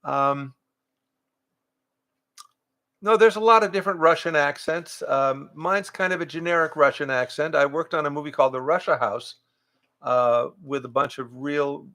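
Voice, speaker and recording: An older man, a voice actor and improv teacher, chatting casually with fans on a livestream from home, reading out their questions and answering in a relaxed, rambling way. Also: mid-range voice. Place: home, in front of pictures on the wall. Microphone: livestream webcam setup.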